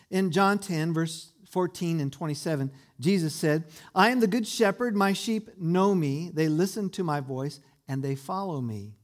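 A male pastor delivering a sermon to a congregation in a church, earnest and full of rhetorical questions. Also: sits high.

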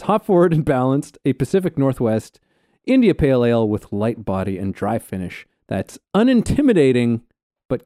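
A man's voice: mid-range voice, dark tone, no echo, studio quality. An easygoing man co-hosting a casual podcast. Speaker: podcast co-host.

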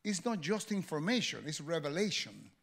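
A male pastor delivers a sermon in a high, gravelly voice that swoops up and down with energy. He jokes with people in the congregation and turns them back to his point. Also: normal speed. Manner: animated, joking with the congregation.

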